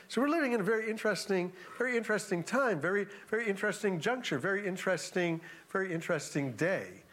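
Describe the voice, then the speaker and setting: Guy pastor chatting thru a sermon, kinda high voice, laughing at his own stories. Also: fast talker. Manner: animated storytelling, chuckling asides. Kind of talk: conversational sermon.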